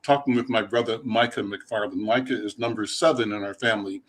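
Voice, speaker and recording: An older man hosting a talk show, steering the interview with a measured manner and filling in family background. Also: on the low side, steady tone.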